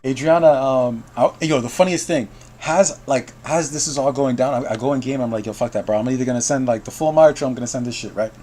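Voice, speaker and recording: A man's voice: medium pitch, fast talker, hardly any pauses, dark tone. A man hosting a game news stream, telling a story to call guests in a casual way, often laughing and reading out chat messages.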